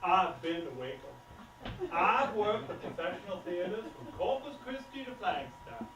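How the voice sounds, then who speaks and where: A man's voice: sits high, big pitch swings, moderate pace. A man playing a pompous theatre director. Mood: indignant. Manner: theatrical, self-pitying complaints. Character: pompous small-town male theatre director, dramatic. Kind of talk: amateur stage play. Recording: echoey stage, heard from far off, noisy.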